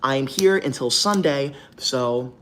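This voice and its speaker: A man's voice: medium pitch, slow pace, fairly bright tone. A young man hosting a livestream from a hotel room, reading super chats aloud and breaking into melodramatic, indignant outbursts. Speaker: livestream host.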